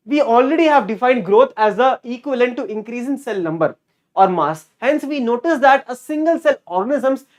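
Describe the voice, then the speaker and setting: A male teacher giving a lively online exam-prep lecture. He repeats key words and keeps quizzing his students. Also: very high voice. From India.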